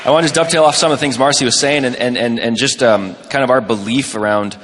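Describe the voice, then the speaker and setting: A man's voice: mid-range voice, fast, fairly bright tone, a little hiss or hum. A man giving a talk to an audience, emphatic and prone to repeating words. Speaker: business speaker. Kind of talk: speech to an audience. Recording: long hall reverb.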